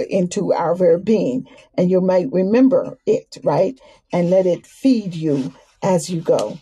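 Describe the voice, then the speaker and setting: An older woman hosting a devotional broadcast, speaking slowly and heartfelt, with soft restarts, in a talk that moves into prayer. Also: fairly low pitch, husky.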